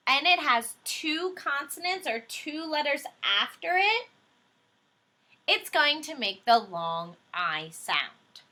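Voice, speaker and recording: A patient woman teacher explains phonics to young children at an unhurried pace. Her voice is bright and clear, and she moves it up and down a lot to keep little listeners with her. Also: high-pitched. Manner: slow, patient, explains step by step.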